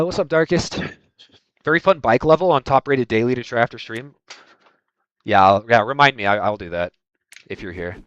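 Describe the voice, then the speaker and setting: A man's voice: medium pitch, clear, resonant tone, no echo. A man streaming a speedrun, chatting casually with his live chat and reading messages aloud. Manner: reads chat aloud, hums and scats to himself.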